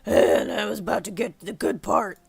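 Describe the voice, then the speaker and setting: A woman's voice: medium pitch, brisk, gravelly, breathy edge, no echo. Joking woman streamer, dry close mic. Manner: rambling, joking, swears. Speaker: game streamer. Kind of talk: casual gaming commentary.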